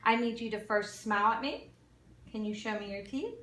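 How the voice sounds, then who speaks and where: A woman calmly talking a patient through a cranial nerve exam, step by step, with small fillers. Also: on the high side, normal speed. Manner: calm step-by-step instructions with fillers. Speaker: nursing student doing an exam demo. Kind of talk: instructional clinical demonstration. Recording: echoey room from far off.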